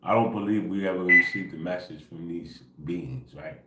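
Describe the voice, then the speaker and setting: A man hosting an early-morning spiritual livestream, talking casually and quietly in a rambling way, dropping "bro" and "right?" constantly and chuckling often. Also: low-pitched, moderate pace, reverberant, heavy background noise. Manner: laid-back, rambling, peppered with "bro" and "right?".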